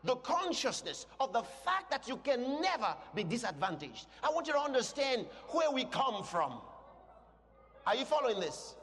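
A man preaching a sermon to a congregation, speaking emphatically and breaking into shouted declarations. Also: very high-pitched. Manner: asks the congregation questions. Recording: long reverb in a large hall.

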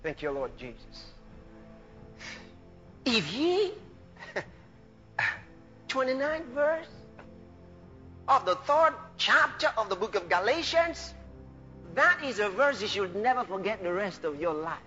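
A man preaching a sermon, animated, breaking into shouts of hallelujah and laughing between phrases. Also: very high voice, measured pace, pauses often, lo-fi sound, faint music behind.

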